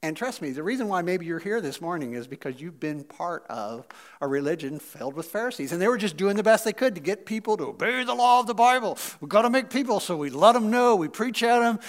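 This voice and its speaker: A pastor delivers a casual, conversational sermon in a high, fast voice. He is animated, swinging from loud emphasis to quiet asides, and his speech is chatty with fillers.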